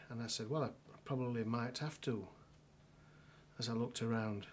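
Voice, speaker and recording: A man's voice: medium pitch, fairly even intonation, moderate pace, a little hiss or hum. Dry-humoured northern English man telling a story. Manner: dry storytelling with frequent restarts and fillers. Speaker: solicitor telling an anecdote. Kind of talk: documentary interview anecdote.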